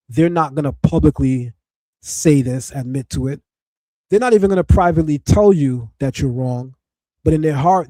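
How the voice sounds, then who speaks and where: A man's voice: fairly high pitch, warm tone, dry recording. A man hosting a podcast, giving opinionated commentary in a conversational way with filler words. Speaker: podcast host.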